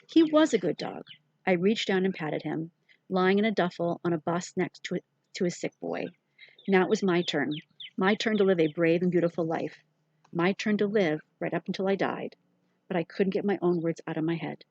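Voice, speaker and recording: A woman narrates an audiobook in a measured, reflective way, her voice low and husky. The recording is dull and muffled in tone, with a dry, close sound. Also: darkish tone, no echo. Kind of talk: scripted first-person narration.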